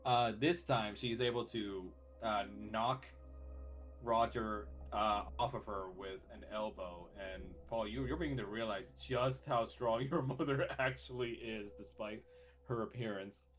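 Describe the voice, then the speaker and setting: Laid-back low-voiced male game master. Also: unhurried, soft background music. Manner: laughs often, relaxed narration with filler words. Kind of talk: narrating a tabletop game.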